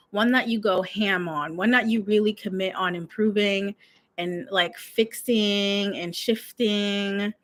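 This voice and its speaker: A woman's voice: mid-range voice, fairly bright tone. A young woman from the United States, a YouTube coach, chatting in a rambling, giggly vlog style full of "like" fillers. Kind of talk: casual talking-head vlog.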